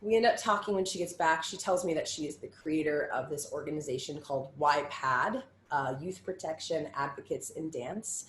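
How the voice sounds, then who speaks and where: A woman's voice: deep voice, moderate pace, few pauses. A woman telling her own story as a survivor on a panel, candid and raw, swearing freely and piling up short phrases. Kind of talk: personal testimony in a panel talk. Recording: roomy echo with faint background hum.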